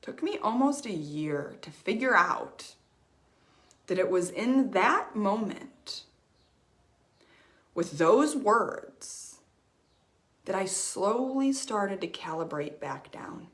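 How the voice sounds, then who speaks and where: A woman life coach shares a personal story on a live stream, speaking earnestly and repeating phrases for emphasis in a motivational talk. Her medium-pitched, fairly bright voice is very animated yet slow, with frequent pauses, picked up by a streaming mic.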